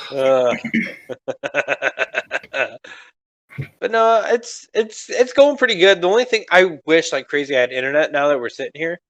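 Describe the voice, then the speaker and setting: A man's voice: fairly high pitch, very animated, takes it slowly, long pauses, a bit bright. A young man co-hosting a podcast in casual chat, rambling and swearing freely, laughing often, his voice strained from screaming. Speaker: podcast co-host.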